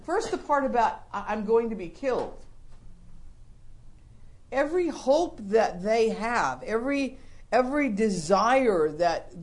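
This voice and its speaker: A woman preacher whose voice swoops up and down in lively pitch as she tells the story. She acts out scenes and dramatizes her points in an animated, expressive way, keeping the congregation with her. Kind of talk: sermon.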